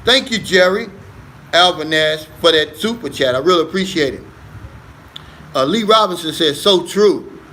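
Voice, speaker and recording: A man's voice: fairly high pitch, expressive, normal speed, long pauses, bright, forceful tone, a little hiss or hum. A man hosting a casual livestream on his phone, reading viewer comments aloud and answering them in an earnest, easygoing way. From United States. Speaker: livestream host.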